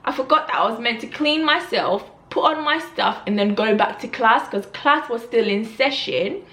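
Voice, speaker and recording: Animated woman telling a story. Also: fairly high pitch, normal speed, echoey room. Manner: animated storytelling with loud gasping reenactments. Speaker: vlogger. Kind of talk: storytime vlog.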